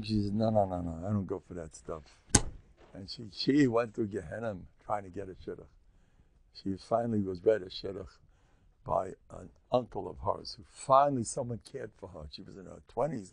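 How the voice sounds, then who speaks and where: A man's voice: on the low side, moderate pace, creaky, slightly rough, no room sound. An older man, a rabbi giving a rambling, joking religious lecture and teasing his listeners.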